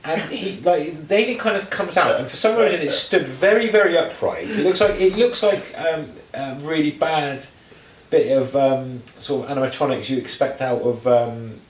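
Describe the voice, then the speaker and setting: A man co-hosting a casual chat, rambling through films with lots of fillers and restarts, turning animated when he mocks something. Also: on the high side, moderate pace, reverberant, distant mic, low-quality recording. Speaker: podcast co-host.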